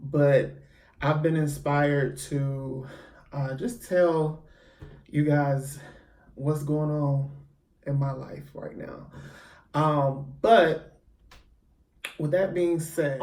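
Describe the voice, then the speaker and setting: A man's voice: a little high, a little mellow. A man talking to camera in a casual storytime vlog, chatty and theatrical, hyping himself up with lots of ums. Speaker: YouTuber. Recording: echoey room, mic at a distance.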